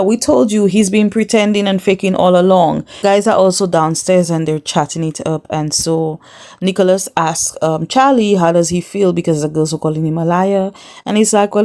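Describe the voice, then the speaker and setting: A young woman hosts a casual reality TV recap vlog. She retells scenes in a chatty, animated way and slips into the islanders' lines. Her voice sits low for a woman and sounds mellow and warm. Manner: chatty, animated storytelling with quoted asides.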